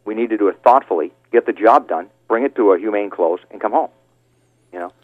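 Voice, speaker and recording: A radio show's call-in guest, the middle-aged father of a fallen Marine, talks briskly in a voice on the low side. The tinny phone line carries no room sound, and his heated, passionate, indignant remarks are crowded with fillers and false starts.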